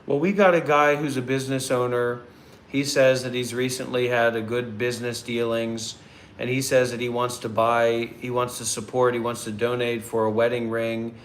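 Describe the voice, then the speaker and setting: A man's voice: medium pitch, level tone, moderate pace, a little hiss or hum. Rambling male meditation vlogger. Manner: rambling, repetitive, restarts often. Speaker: meditation teacher, channel host. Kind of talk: casual questioning.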